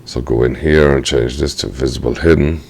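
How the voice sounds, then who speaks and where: A man giving a casual screen-recorded software tutorial, thinking aloud and apologizing for small slips. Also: a bass voice, steady tone, normal speed, gravelly, slightly rough.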